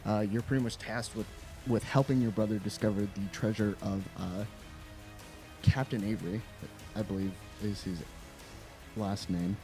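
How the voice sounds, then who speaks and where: A man's voice: on the low side, steady tone, normal speed, a little mellow, faint music behind. A man co-hosting a video game review, talking in a loose, rambling way with laughs and casual swearing. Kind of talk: casual chat.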